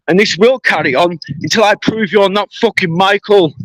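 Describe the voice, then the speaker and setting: A man's voice: high voice, a little fast, hardly any pauses, no echo, poor audio. A British man ranting on a livestream, confrontational and swearing heavily. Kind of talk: angry livestream rant.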